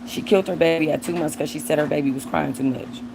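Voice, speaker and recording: A woman's voice: low-pitched, steady tone, quick pace, gravelly, background noise. A woman hosting a livestream, giving blunt, profane commentary on viewer comments and talking aside to her dog. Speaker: livestream host.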